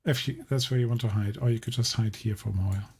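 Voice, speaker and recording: A man running a tabletop game as game master, explaining scenes in a measured way with frequent restarts. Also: medium pitch, fairly even intonation, crowd noise. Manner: measured, explaining, often restarting his sentences.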